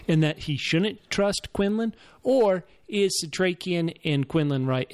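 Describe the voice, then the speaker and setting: A man's voice: sits high, expressive, normal speed, hardly any pauses, a little mellow. A man hosting a casual podcast chat about a television show, with an upbeat, moderating manner. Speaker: podcast host.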